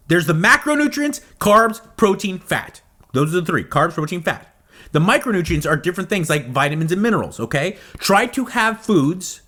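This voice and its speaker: A man in his forties hosting a podcast, ranting heatedly and profanely about diet advice, with loud outbursts and low asides. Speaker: podcast host. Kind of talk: heated solo rant.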